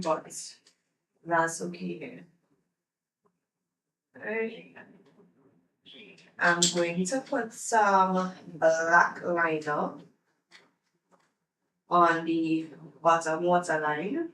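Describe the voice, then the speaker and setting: A woman vlogger talking through her makeup routine in a relaxed, chatty, step-by-step way, her eyes teary. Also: on the low side, roomy sound, distant mic, poor audio. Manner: slow, chatty step-by-step instructions. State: teary-eyed. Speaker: beauty vlogger. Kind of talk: casual makeup tutorial talk.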